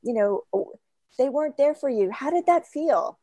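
High, lively storytelling woman. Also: moderate pace, dry recording. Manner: animated, laughing storyteller. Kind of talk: casual podcast conversation. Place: Florida.

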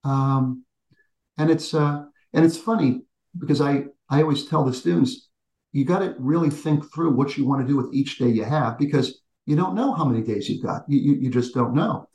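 A man in his sixties, an executive and teacher, telling stories in an animated conversational way with frequent restarts. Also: mid-range voice, moderate pace, roomy sound, low-quality recording. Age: 60s. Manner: animated storyteller with frequent restarts, addresses the host by name. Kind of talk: conversational interview storytelling.

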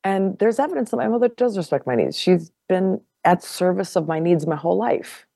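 A woman guest on a podcast telling a personal story in casual conversation. She is animated, laughs often and repeats words as she goes. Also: lowish voice, fairly quick, gravelly, dry recording, clean studio sound.

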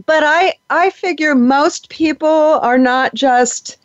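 A man hosting a casual interview, talking hesitantly with many pauses and soft laughs. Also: very high-pitched, dry recording. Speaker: podcast host. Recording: dull lo-fi, dry audio.

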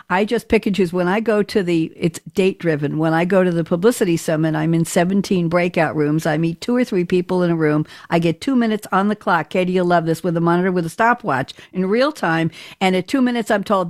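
A woman hosting an interview show, animated and acting out bits of dialogue as she tells stories. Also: fairly low pitch, moderate pace, no echo, studio quality. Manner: animated, acts out quoted dialogue. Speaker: radio show host. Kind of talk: casual interview chat.

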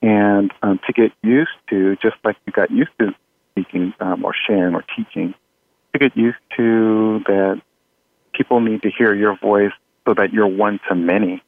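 A man, an audio engineer guest in an interview, talking in a relaxed way with frequent fillers and small laughs. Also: on the low side, normal speed. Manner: relaxed, chuckling, many fillers. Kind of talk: conversational interview. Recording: tinny phone-like line.

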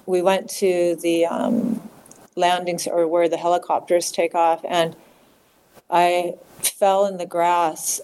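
Woman telling a painful story, halting. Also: fairly low pitch, a little mellow. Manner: halting, with many restarts and fillers, acting out quoted voices. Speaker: podcast guest. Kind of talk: emotional personal storytelling.

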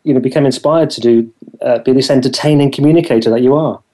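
Mellow-voiced male interview host. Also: medium pitch, steady tone, quick pace. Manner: friendly, encouraging, hesitant fillers. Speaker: podcast host.

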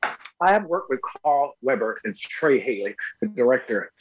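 A middle-aged actor telling stories in an interview, emphatic and excitable, with loud bursts when he acts out moments. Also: mid-range voice, normal speed, breathy edge, dull audio. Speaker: actor guest. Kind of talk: animated storytelling interview.

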